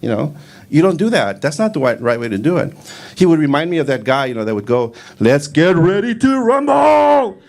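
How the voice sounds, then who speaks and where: A man in his fifties doing a stand-up comedy set on a club stage, rambling in a deadpan way with lots of fillers. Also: mid-range voice, fast. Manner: rambling, deadpan delivery with frequent fillers, breaks into shouted Spanish quotes.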